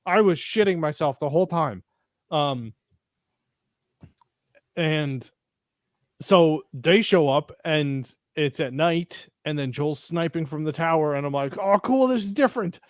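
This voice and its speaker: A man co-hosting a casual podcast, recapping a TV episode in an excitable, profane way and acting out the characters' reactions. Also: fairly high pitch, slow, long pauses, no room sound, studio quality. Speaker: podcast co-host. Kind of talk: casual chat reviewing a TV episode.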